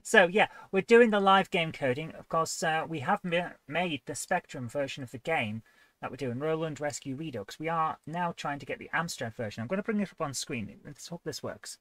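A woman's voice: deep voice, normal speed, no room sound. A woman hosting a live game coding stream, chatty and playful, often joking at her own expense. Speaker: host.

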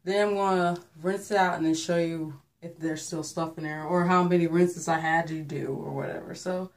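A woman's voice: fairly low pitch, steady tone, moderate pace. A young woman talking casually and rambling through a hair-washing vlog. She is filming herself with a handheld phone in a bathroom at home and is a little out of breath. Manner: chatty, rambling, filler-heavy. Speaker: hair vlogger. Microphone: phone held by hand.

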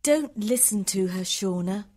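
A man's voice: high voice, lively intonation, a little slow, a little mellow, voice pushed up. A man voicing a kind young woman of about twenty-two who keeps the peace, in an audiobook story.

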